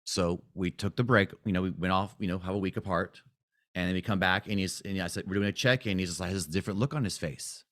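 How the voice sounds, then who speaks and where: A man coaching a group, casually retelling a client's story, animated, often asking "right?". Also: deep voice, fast talker. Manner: animated retelling, acts out quotes, frequent "right?". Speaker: spiritual coach.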